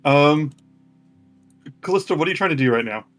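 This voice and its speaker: Halting male game master. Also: a little high, expressive, fairly bright tone. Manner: halting, full of ums and restarts. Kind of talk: narrating a tabletop game.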